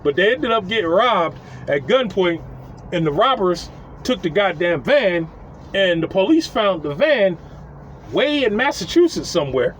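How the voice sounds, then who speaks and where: A man's voice: high-pitched, sing-song, measured pace, slight background noise, rough recording. A man telling a story casually outdoors, rambling, swearing and chuckling as he goes.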